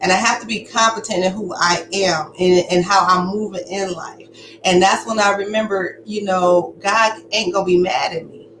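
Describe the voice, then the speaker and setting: A woman recounts her own story in a frank, emphatic testimony. Her voice sits at a middle pitch and is recorded in an echoey room with a faint hiss behind it. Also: steady tone, moderate pace. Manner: candid, conversational, emphatic. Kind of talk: personal testimony.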